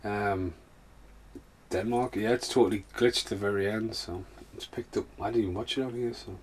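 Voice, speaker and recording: Male podcast host, lowish voice, slurred rambling film commentary, hurting. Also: fairly even intonation, moderate pace, a little hiss or hum. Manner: rambling, laughs often. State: slurred speech; injured, in pain.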